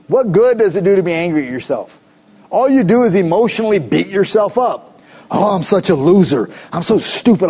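High, mellow-voiced preaching man. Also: muffled recording. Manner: conversational, animated preaching with asides. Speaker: pastor. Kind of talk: sermon.

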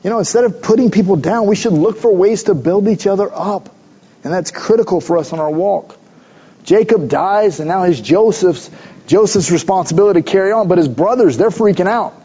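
A middle-aged male pastor preaching with a mellow, slightly husky voice that sits a bit high for a man. He shifts between easy storytelling and urgent appeals to the congregation. The recording sounds dull and lo-fi. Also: fairly quick. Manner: conversational storytelling, emphatic exhortations. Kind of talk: sermon.

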